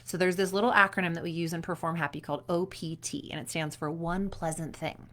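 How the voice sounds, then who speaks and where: A woman's voice: lowish voice, fairly even intonation, a little fast, fairly bright tone. A woman in her thirties, a performance coach, giving an upbeat, chatty motivational talk to young athletes and acting out little quotes along the way.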